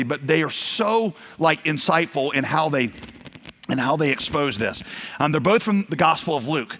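A man's voice: on the high side, bright, forceful tone. A man preaching a sermon in a conversational way, acting out the quoted voices of his stories. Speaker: pastor. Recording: long hall reverb.

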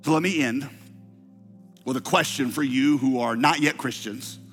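A man's voice: medium pitch, normal speed, fairly bright tone. A man preaching a sermon, retelling and reading an old account with growing fervor. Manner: storytelling, reads a quoted account with rising fervor. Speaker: pastor. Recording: large hall reverb with faint music.

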